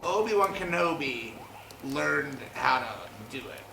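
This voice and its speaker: A man, a comedian guest, retelling a movie plot in an animated, rambling way with deadpan asides, in an echoey room. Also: fairly high pitch, unhurried, creaky, far from the mic, background noise.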